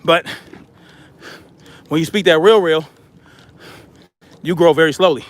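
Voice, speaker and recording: Breathless man, high pitch, blunt outdoor vlog monologue while hiking. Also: measured pace. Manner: blunt, chatty, addresses viewers as y'all. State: out of breath from hiking uphill with a pack. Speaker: vlogger.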